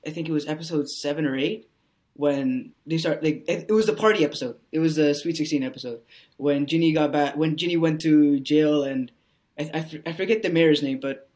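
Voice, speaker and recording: A man, an actor appearing as a podcast guest, speaking casually and rambling with lots of "you know" fillers. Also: on the high side.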